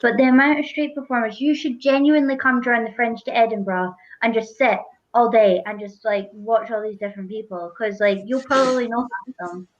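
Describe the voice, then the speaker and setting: A woman's voice: fairly high pitch, steady tone, brisk, hardly any pauses, dull audio. A woman co-hosting a casual talk show, speaking in a loose, chatty way with restarts. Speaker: co-host. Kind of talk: casual chat.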